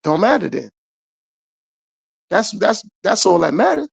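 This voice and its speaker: A man's voice: high-pitched, big pitch swings, measured pace, gravelly, husky, no room sound. A man hosting his own podcast, giving a repetitive motivational monologue straight to his viewers. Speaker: podcast host.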